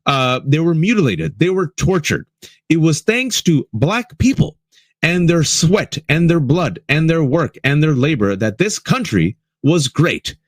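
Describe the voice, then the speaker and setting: A man's voice: a little high, sing-song, unhurried, no echo, clean studio sound. Impassioned male political talk host. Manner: impassioned, addresses listeners as folks. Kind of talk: political commentary show.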